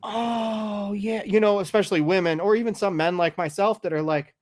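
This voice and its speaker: A man hosting a casual podcast chat, animated and swearing freely, his voice jumping up when he gets excited. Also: high voice, fast talker. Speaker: podcast host.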